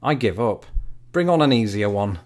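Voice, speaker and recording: A man's voice: lowish voice, lively intonation, moderate pace, background noise. A British man in his thirties, a YouTube host delivering scripted comic narration in a dry, wry, self-mocking way. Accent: British English. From Britain.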